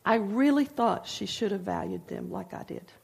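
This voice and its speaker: A woman's voice: medium pitch, animated, normal speed, gravelly, slightly rough. An older woman giving an informal devotional talk, telling personal stories with folksy asides. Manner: folksy storytelling with frequent asides. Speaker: speaker sharing testimony.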